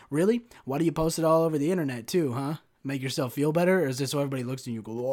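A man's voice: a little high, racing, darkish tone. A young man hosting a solo podcast rant, profane and sarcastic, constantly saying "bro" and "like". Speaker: podcast host.

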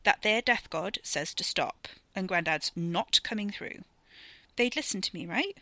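A woman's voice: mid-range voice, lively intonation, a little slow, pushed and bright, dry recording. A woman voicing a young woman who is worried and blunt, firing off anxious questions. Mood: earnest.

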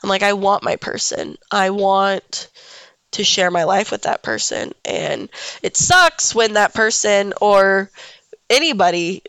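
A young woman talks through a solo podcast, congested but still smooth-toned. She speaks candidly and rambles, with plenty of fillers and the odd swear word. The recording is close and dry, with no room sound. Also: mid-range voice, unhurried, a bit bright, dry recording. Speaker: podcast host.

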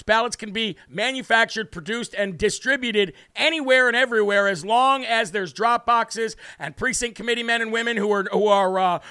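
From his home studio, a city view behind him, an American man runs a political livestream show, reading viewer comments in a brash way and stressing key words hard. His voice is high-pitched, pushed and bright. The sound is clean and studio-quality, with no echo.

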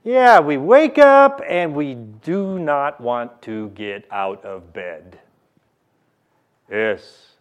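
A male pastor preaching a sermon in a church, slow and emphatic, repeating key phrases for the congregation. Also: a little high, animated.

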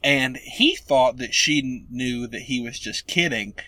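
A man co-hosting a podcast, joking around in casual banter and quick with quips. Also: medium pitch, bright, forceful tone, no room sound. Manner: jokey, quick with quips and laughter.

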